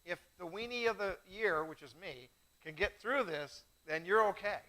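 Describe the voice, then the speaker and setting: A middle-aged man hosting a live wine tasting, chatty and self-mocking, telling animated stories. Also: high-pitched, normal speed, rough recording. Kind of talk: casual live-stream chat.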